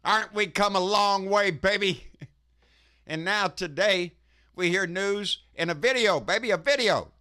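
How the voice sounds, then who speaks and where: A man's voice: high-pitched, unhurried, sharp tone. A man hosting a casual, ranting political commentary show, profane and folksy, who keeps tagging his sentences with "baby.". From Texas.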